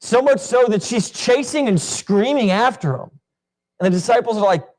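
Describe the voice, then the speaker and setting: A man's voice: extremely high pitch, animated, normal speed, darkish tone. A man teaching a Bible class in a casual, questioning way with many fillers, in a church classroom.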